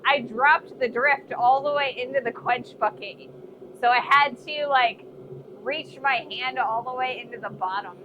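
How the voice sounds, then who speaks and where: Midwest lady blacksmith chatting on stream, high voice, laughs a lot, noisy shop behind her. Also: unhurried, muffled recording. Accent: American Midwest. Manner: chatty, laughs often, self-deprecating. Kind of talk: casual live-stream chat. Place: forge workshop.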